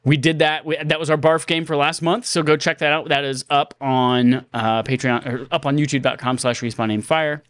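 A man's voice: fairly high pitch, steady tone, moderate pace, few pauses, a bit bright, clean tone, no room sound. Chatty laughing man, dry sound. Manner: chatty, laughs often, trails off and restarts. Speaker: podcast co-host. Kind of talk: casual chat.

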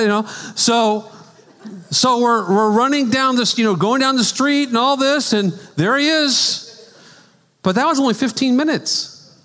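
Very high in tone and delivered at a moderate speed, a man's voice fills a church sanctuary as he preaches like a pastor chatting with his flock. His storytelling is animated, peppered with casual asides and laughs, and the hall adds a long reverb.

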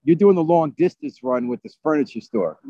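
A man's voice: on the high side, animated, a little fast, breathy edge, no room sound. A man interviewing a guest for radio, asking curious, conversational questions. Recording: dull, dry sound.

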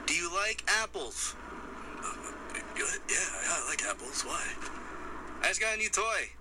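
Man playing a high, swooping toy-bragger for a noisy pre-recorded podcast bumper. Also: big pitch swings, measured pace. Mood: playful.

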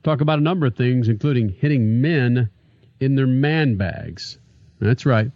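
A man's voice: mid-range voice, animated, normal speed, no room sound, highs cut off. A man hosting a radio show, reflecting on a driver and then promoting upcoming segments in an upbeat way.

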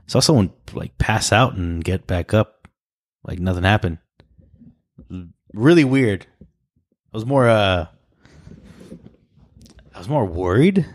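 A man's voice: on the low side, lively intonation, slow pace, long pauses. A young man co-hosting a podcast in casual chat, swearing a lot and laughing as he tells stories. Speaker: podcast co-host.

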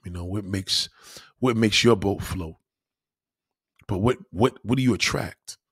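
Husky-voiced blunt, profane man. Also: lowish voice, measured pace, a bit bright, dry recording, clean studio sound. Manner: blunt and profane, with repeated restarts. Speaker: livestream host. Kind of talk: casual livestream rant.

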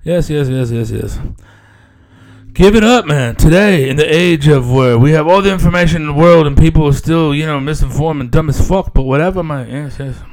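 A man's voice: on the high side, fairly quick, hardly any pauses, a little mellow. A man hosting a comedy podcast in a casual, joking monologue, loosely repeating "yes, yes" and "man". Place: podcast studio.

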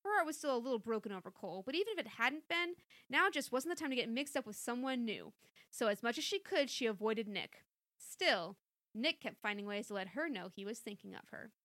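A woman reading an interactive story aloud, playful and lively between passages. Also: a little high, fairly quick, dry recording. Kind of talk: storybook narration with chat.

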